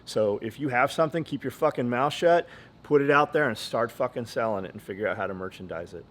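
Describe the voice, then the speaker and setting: A man's voice: mid-range voice, fast, fairly bright tone. A man hosting a podcast in casual chat, blunt and profane, rambling from story to story. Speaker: podcast host.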